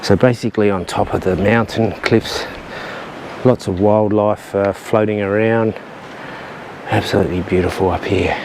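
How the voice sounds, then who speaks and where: Rambling man with a low voice. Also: steady tone, normal speed. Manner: chatty and rambling, with frequent "uh" and a light joking tone. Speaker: vlogger. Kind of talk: casual walking vlog narration. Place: outdoors on coastal cliff trails and caves. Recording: outdoor recording with clear ambient noise.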